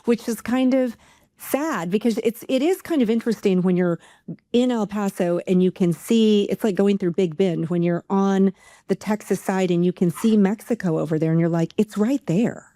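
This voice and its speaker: A woman's voice: mid-range voice, moderate pace, warm tone, no room sound, clean studio sound. An American woman hosting an interview, asking loose, rambling questions with fillers. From United States. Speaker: podcast host. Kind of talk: casual interview conversation.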